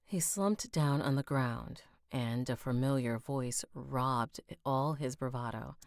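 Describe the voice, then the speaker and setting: A woman's voice: very deep voice, slow pace, no echo, studio quality. A woman narrating a fantasy audiobook, stopping to fix slips and rereading lines.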